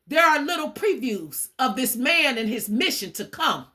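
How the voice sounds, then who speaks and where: A woman's voice: high-pitched, big pitch swings, moderate pace, hardly any pauses, pushed and bright. A woman giving an informal sermon-style talk, emphatic and repetitive, casually swearing and calling her listeners "y'all". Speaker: spiritual teacher.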